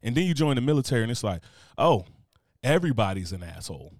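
A man's voice: mid-range voice, fast talker, no room sound, studio quality. A man in his thirties from Newark, New Jersey, hosting a casual podcast, swearing freely and joking as he tells stories. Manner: profane, joking, animated storytelling. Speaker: podcast host. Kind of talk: casual chat.

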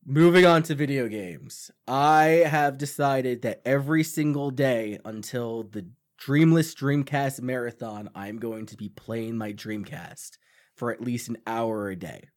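A young man from Long Island, co-hosting a casual podcast chat, animated and swearing freely while acting out quotes. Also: mid-range voice, measured pace. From Long Island, New York. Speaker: podcast co-host.

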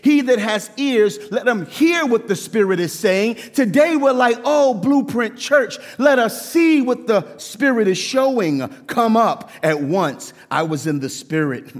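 A man preaches with lively, animated delivery, acting out voices as he teaches. His voice sits high for a man. The sound carries a long reverb from a church sanctuary. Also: a little slow, few pauses. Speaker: pastor. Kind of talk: sermon.

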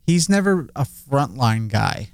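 A man co-hosting a casual talk show with a smooth, clean voice. He rambles excitedly, full of fillers and quick asides. The sound is dry and close to the mic. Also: mid-range voice, no echo. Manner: animated, filler-heavy, laughs often. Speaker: podcast co-host. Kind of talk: casual chat.

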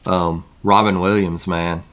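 A man co-hosting a casual podcast, easygoing and relaxed as he lists names off the top of his head. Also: low voice, measured pace, a little hiss or hum. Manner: easygoing, listing names as he goes. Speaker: podcast co-host.

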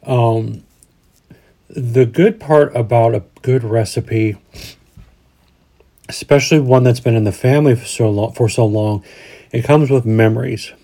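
A man's voice: mid-range voice, a little slow, pauses often, warm tone. A man in his forties, a podcast host, chatting casually and rambling with frequent restarts. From Colorado, USA. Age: 40s. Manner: rambling, restarts often, folksy. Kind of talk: casual chat.

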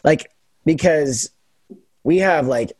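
A man's voice: on the high side, takes it slowly, darkish tone, breathy edge, no room sound. Earnest young American man explaining, dry sound. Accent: General American. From United States. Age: young adult. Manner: earnest, explanatory, run-on sentences. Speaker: political science student. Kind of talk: casual chat, explaining.

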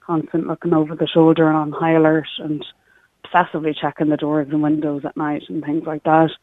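A young Irish woman tells her story on air in a steady, matter-of-fact way. Her voice comes through a thin, tinny phone line. The sound is dry and close. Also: low-pitched, brisk, no room sound. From Ireland, Sligo. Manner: earnest, matter-of-fact storytelling with soft laughs. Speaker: guest. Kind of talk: recounting a personal story on radio.

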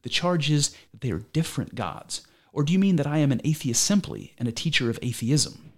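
A man's voice: fairly high pitch, expressive, fairly quick, darkish tone, voice pushed up. A man reading the part of an aging male philosopher defending himself in court, pressing his accuser with pointed rhetorical questions in an amateur dramatic reading. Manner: argumentative, probing rhetorical questions.

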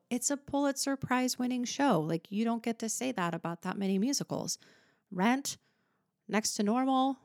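A woman's voice: lowish voice, no room sound, studio quality. A woman hosting a solo podcast on musical theatre, chatty and upbeat with lots of fillers and asides. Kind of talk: casual solo podcast talk.

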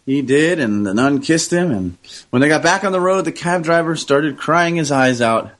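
A man's voice: on the high side, expressive, normal speed, fairly bright tone. A man co-hosting a casual talk show, reading listener mail and telling jokes in an upbeat, affirming way. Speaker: podcast co-host.

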